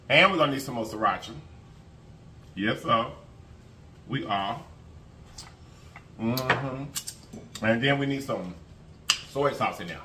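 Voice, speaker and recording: A man's voice: mid-range voice, sharp tone, a little hiss or hum. Chatty man hosting an eating show. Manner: chatty, folksy, keeps addressing viewers, hums while eating. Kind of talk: casual mukbang chat to viewers.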